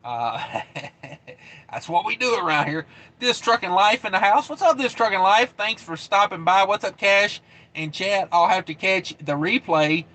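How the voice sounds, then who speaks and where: A man's voice: high-pitched, expressive, measured pace, sharp tone. A man in his thirties hosting a live trucking stream, chatting casually and reading comments with a laid-back drawl and many fillers. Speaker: trucking channel host.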